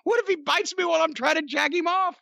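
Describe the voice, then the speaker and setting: A man's voice: very high-pitched, fast talker, creaky, sharp tone, voice pushed up, heavily acted. A man putting on the voice of a frightened, gullible male wrestler, squawking in disbelief. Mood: panicked. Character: panicked gullible male wrestler, shrill and fretful.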